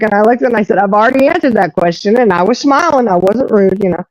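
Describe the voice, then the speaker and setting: A woman's voice: mid-range voice, fast talker. A woman hosting a live stream, telling a story in casual chat and acting out what other people said. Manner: animated storyteller who acts out others' lines. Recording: muffled lo-fi dry audio.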